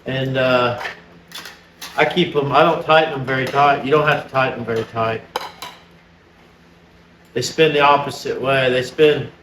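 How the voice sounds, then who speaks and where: A man's voice: mid-range voice, steady tone, normal speed, long pauses, fairly bright tone. Joking man in his forties, heard from afar. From Ohio, USA. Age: 40s. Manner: joking, rambling. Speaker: vlog co-host, shop worker. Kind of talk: casual chat. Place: workshop. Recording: roomy, far from the mic, faint background noise.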